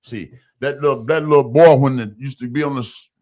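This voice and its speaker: A man's voice: medium pitch, steady tone, fairly quick, darkish tone. A man in his fifties telling his recovery story like a preacher, acting out quotes with folksy slang and laughs. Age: 50s. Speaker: guest sharing recovery story.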